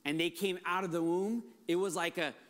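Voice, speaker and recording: A man's voice: sits high, fairly even intonation, fairly quick, a bit bright. A man in his forties, a pastor preaching a conversational, enthusiastic sermon with frequent restarts.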